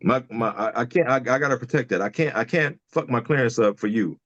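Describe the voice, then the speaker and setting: A man's voice: medium pitch, a little fast, a bit bright, dry recording, dull audio. Man venting frankly on a call. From Detroit, Michigan. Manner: candid and fired-up, swears freely, repeats himself when heated. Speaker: podcast guest. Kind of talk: casual chat over video call. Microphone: remote video call.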